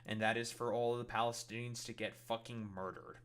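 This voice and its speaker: Man, streamer, political rant, heavy swearing, bright forceful tone. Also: mid-range voice, level tone, a little fast, smooth. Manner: heated, swears constantly. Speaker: streamer reacting to clips.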